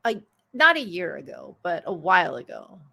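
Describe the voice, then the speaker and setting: Female interviewer, bright voice, playful and chatty on a video call. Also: lowish voice, very animated, normal speed, creaky, breathy edge. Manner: playful, joking banter. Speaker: author interviewer. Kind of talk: casual chat.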